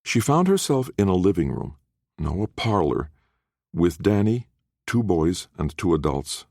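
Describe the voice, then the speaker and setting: A man narrates a fantasy audiobook with expressive, storytelling delivery. His voice sits very low yet moves with lively pitch swings. The recording is dry, with no room sound. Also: a little slow, gravelly, no room sound. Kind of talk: scripted narration.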